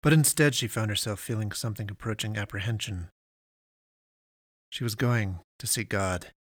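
Low-voiced man reading a story. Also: dry recording, clean studio sound. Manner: measured, deliberate, with long pauses. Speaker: narrator. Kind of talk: scripted story narration.

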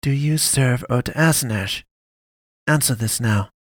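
A man's voice: mid-range voice, slow pace, no room sound, studio quality, voice pushed up. A man voicing an inhuman female priest who looks like a girl, speaking in curt, growled demands. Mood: cold demanding.

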